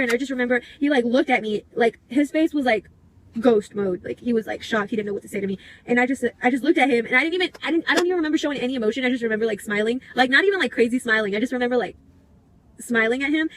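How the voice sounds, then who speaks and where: A woman's voice: fairly high pitch, quick pace, a bit bright, a little hiss or hum. A young woman telling a storytime vlog in a chatty, profane way, full of "like". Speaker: vlogger.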